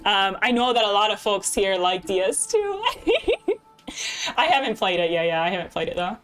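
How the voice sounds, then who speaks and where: A woman's voice: medium pitch, very animated, a little slow, a bit bright, poor audio. Woman streamer in a mock British accent. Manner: chatty, giggly, talks to chat. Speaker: game streamer. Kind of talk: casual live-stream gameplay chat.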